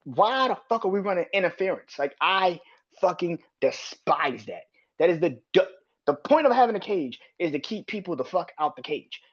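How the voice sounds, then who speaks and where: A man's voice: high voice, slightly rough, highs cut off. A man hosting a solo wrestling review podcast, ranting with heavy swearing and frequent restarts. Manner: profane, ranting, repetitive restarts. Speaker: podcast host.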